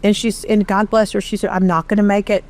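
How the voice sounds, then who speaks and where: A middle-aged woman from Texas tells her own story as an interview guest, candid and animated, with a self-deprecating streak. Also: mid-range voice, fast. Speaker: charity founder, interview guest. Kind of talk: conversational storytelling.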